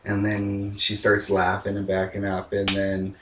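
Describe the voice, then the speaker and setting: A man's voice: on the low side, monotone, a little slow, over a noisy crowd. A young man co-hosting a casual movie review, retelling the plot in a rambling, laid-back way with lots of fillers. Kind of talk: casual movie recap chat. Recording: echoey room, distant mic, light hiss.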